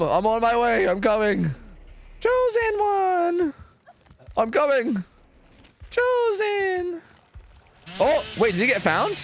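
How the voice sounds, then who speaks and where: A man streaming and casually commentating a competitive match, chatty and profane, thinking out loud. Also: fairly high pitch, a little hiss or hum.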